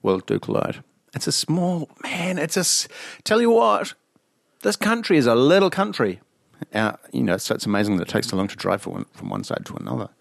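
Lively gravelly man chatting casually. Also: mid-range voice, a little fast, dry recording, clean studio sound. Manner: laughing, rambling storyteller. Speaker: podcast co-host. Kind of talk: casual chat.

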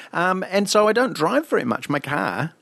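On a podcast, a male co-host with a high, gravelly, slightly bright voice chats casually, rambling through stories and laughing a lot. There's no echo on the recording.

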